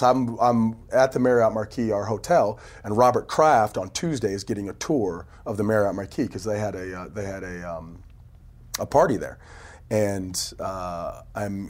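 A man telling stories in a casual podcast chat, animated and laughing often, acting out what people said. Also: on the low side. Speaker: team PR executive telling stories. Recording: phone interview audio.

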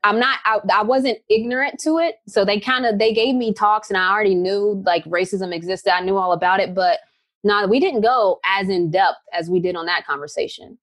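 Woman, thirties, chatty, upbeat, animated, mid-pitched voice, interview guest. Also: a little fast, no echo. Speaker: pro basketball player guest. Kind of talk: casual interview answers.

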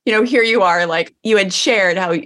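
A woman hosting a podcast in a chatty, casual way, full of fillers and animated quoted thoughts. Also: medium pitch, normal speed. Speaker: podcast host. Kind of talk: casual chat.

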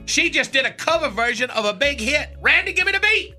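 A man's voice: extremely high pitch, sing-song, a little fast, loud music behind the voice. A man playing a brash, boastful male radio character in a comedy bit, talking in jive slang and made-up long words. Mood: swaggering.

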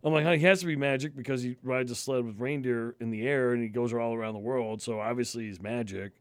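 A man's voice: mid-range voice, fairly even intonation, quick pace, dry recording. Profane storytelling podcast man, dry sound. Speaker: podcast co-host. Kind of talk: casual chat.

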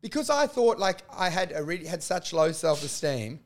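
A man telling stories in casual chat, animated and swearing often. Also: on the high side, normal speed. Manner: animated storytelling, swearing, frequent laughing.

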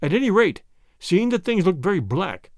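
A man reading a novel aloud as scripted narration, expressive and lightly voicing each character. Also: high-pitched, moderate pace, dry recording, studio quality. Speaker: audiobook reader.

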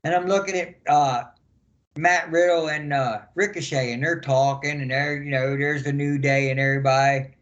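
An older man, a former wrestler, telling lively backstage stories in a casual interview and acting out the quotes. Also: fairly high pitch, moderate pace, muffled recording. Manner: animated storyteller acting out quotes.

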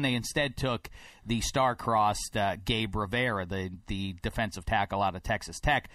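A man from Pittsburgh hosting a sports talk show in a studio, rambling and getting more animated and emphatic as he goes. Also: fairly low pitch, normal speed, dry recording. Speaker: sports radio host. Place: broadcast studio.

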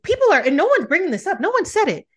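A woman's voice: very high voice, very animated, fast, fairly bright tone. A woman co-hosting a casual chat about reality TV, blunt and emphatic, swearing freely. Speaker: podcast co-host.

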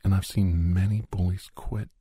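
A man's voice: low voice, fairly even intonation, normal speed, mellow, husky, dry recording. A man talking casually and at length, giving advice in a rambling, conversational way and acting out quotes. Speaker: advice giver.

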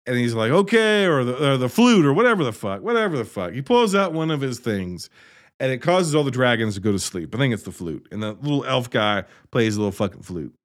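A man's voice: mid-range voice, sing-song, fairly quick. A man giving a profane, sarcastic comedic recap of a movie, exasperated and swearing freely. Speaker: movie reviewer.

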